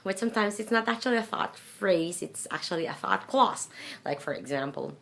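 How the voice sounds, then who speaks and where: A woman with a Filipino accent teaching English pronunciation, slowly and deliberately demonstrating sounds with repeated examples. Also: medium pitch, expressive, gravelly, fairly bright tone. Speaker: English fluency trainer. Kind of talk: pronunciation lesson.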